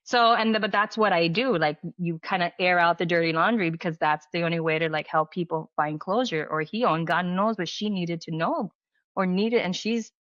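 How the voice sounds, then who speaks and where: A middle-aged woman with a fairly low voice tells stories chattily, leaning on "like" and acting out the quoted lines. The sound is dull and lo-fi, with a dry, close feel and no room echo. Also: normal speed, fairly bright tone. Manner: chatty, filler-heavy, acts out quoted dialogue. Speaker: medium and healer, podcast guest. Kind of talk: casual storytelling interview.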